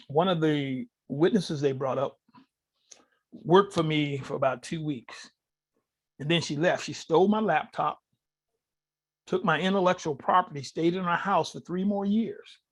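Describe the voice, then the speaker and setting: A man with a somewhat high, husky voice, sharing stories as a guest on a talk show. He tells them casually and with energy, turning now and then to speak directly to the listeners. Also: moderate pace, long pauses. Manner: animated, addresses listeners directly. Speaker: podcast guest. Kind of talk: casual storytelling to an audience.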